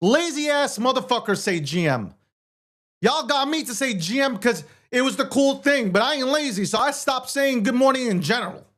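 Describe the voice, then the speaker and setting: A man's voice: very high-pitched, lively intonation, normal speed, a bit bright. A man hosting a show, ranting in heated, profane, sarcastic commentary. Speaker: show host.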